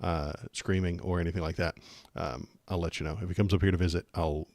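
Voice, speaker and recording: Low male voice, joking streamer, filler-heavy, dry close mic. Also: fairly even intonation, a little fast, a little mellow, no echo. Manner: rambling, joking, lots of fillers. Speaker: political livestream host. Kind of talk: casual livestream chat.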